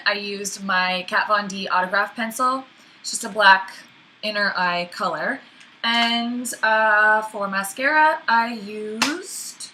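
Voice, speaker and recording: A woman's voice: medium pitch, pushed and bright. A woman talking through a makeup tutorial in a chatty, flustered way, laughing often and apologizing along the way. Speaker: beauty vlogger.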